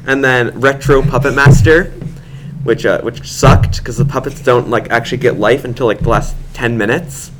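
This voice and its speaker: A man's voice: medium pitch, steady tone, normal speed. A man co-hosting a casual movie podcast, rambling and laughing at himself. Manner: rambling, laughing, self-deprecating. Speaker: podcast co-host. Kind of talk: casual chat. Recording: noisy amateur podcast recording.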